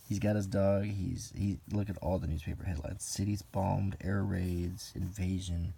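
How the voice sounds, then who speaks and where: A man from the United States softly reading aloud from an old magazine and musing in asides, in a soft-spoken unintentional ASMR style. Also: low-pitched, level tone, measured pace, vocal fry, slight background noise. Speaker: host flipping through an old magazine.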